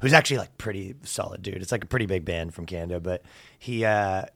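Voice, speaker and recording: A man's voice: low voice, quick pace, creaky, a bit bright, no room sound. A man co-hosting a comedy podcast, riffing casually, laughing and reading quotes aloud from an article. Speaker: podcast co-host.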